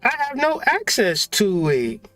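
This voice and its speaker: A man's voice: sits high, wildly swooping pitch, a little slow, sharp tone, no room sound, soft background music, heavily acted. A man voicing a naive wannabe-spiritual young man who whines defensively in a comedic bit. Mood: whiny. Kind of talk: comedic put-on voice in a rant.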